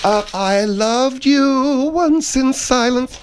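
A man plays a vain older woman singer in a comedy bit, holding forth in a high, pompous voice. She is theatrical and rambling, and sure of her own talent. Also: animated, fairly quick, a little hiss or hum. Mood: haughty. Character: vain, haughty older woman singer, a self-styled diva. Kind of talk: comedy sketch.

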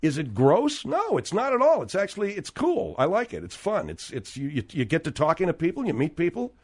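A man's voice: on the high side, wildly swooping pitch, brisk, husky. A man hosting a comedy radio talk show, telling a rambling story and getting exasperated with his sidekicks. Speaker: radio host.

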